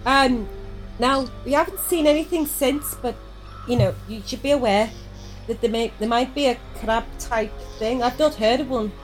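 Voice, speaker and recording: A woman's voice: fairly high pitch, normal speed, soft background music, lightly acted, poor audio. A woman voicing a caring mentor adventurer with a Liverpool accent, rambling and hesitant in a tabletop role-play. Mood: earnest.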